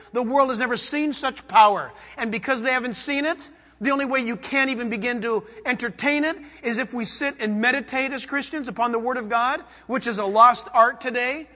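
A male pastor preaching a dramatic sermon, swinging from hushed words to loud emphasis. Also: very high voice, long reverb tail.

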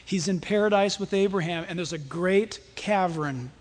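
A man preaching a sermon and leading prayer, talking emphatically and swinging between loud and soft. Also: high-pitched, normal speed. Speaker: pastor.

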